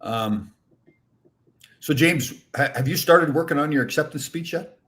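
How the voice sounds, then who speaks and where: A man's voice: a little high, measured pace, a bit bright. A man hosting a casual podcast, teasing his guests and laughing easily. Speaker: podcast host. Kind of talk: casual chat.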